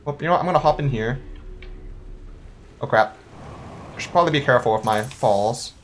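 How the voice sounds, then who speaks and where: This young let's-play gamer rambles through the game, thinking aloud and second-guessing each step. The voice rises and falls in a lively, animated way, with a quick laugh never far off. A faint hum of noise sits under the speech. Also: mid-range voice. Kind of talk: casual gameplay commentary.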